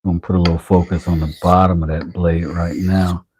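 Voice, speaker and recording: A man's voice: sits low, level tone, fairly quick, a little mellow, a little hiss or hum. A man hosting a knife-sharpening livestream, chatting casually and self-deprecatingly with viewers. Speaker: knife-sharpening channel host.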